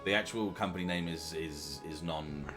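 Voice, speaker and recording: A man running a tabletop game as game master, muttering quick casual asides. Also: a bass voice, music in the background.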